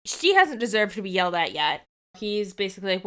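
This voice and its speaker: A woman's voice: mid-range voice, very animated, a little fast, fairly bright tone, smooth. A woman co-hosting a podcast, recapping a game in casual, earnest chat, swearing casually and quoting characters. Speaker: podcast co-host.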